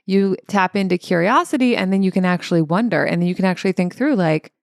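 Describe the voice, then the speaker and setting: A woman in her thirties hosts her coaching podcast in a loose, conversational monologue, peppering her talk with "like." Her voice sits fairly low with a gravelly fry running through it, recorded dry and close with no room around it. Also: fast talker, no room sound. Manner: chatty and relaxed, with many "like"s. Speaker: career coach and podcast host.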